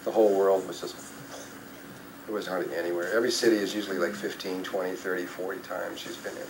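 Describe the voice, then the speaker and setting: An older man, a spiritual speaker, tells a live audience a meandering anecdote full of fillers and self-corrections. He talks fast in a low, level voice, with background noise in the recording.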